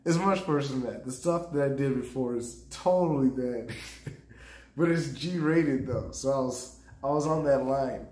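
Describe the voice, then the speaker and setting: A man's voice: medium pitch, a little slow, a little mellow. A man streaming live, casually rambling about a comedy set, laughing often and talking to his chat. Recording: roomy echo.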